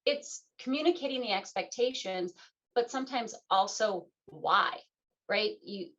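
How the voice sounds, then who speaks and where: Animated woman hosting a talk radio show. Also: mid-range voice, measured pace. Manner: animated, playful, acts out quoted voices. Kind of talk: casual conversational interview. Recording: dull lo-fi sound.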